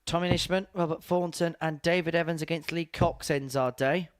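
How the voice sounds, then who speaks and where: A man's voice: a little high, fairly even intonation, normal speed, dry recording. Man commentating live darts. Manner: chatty, informative, tells anecdotes.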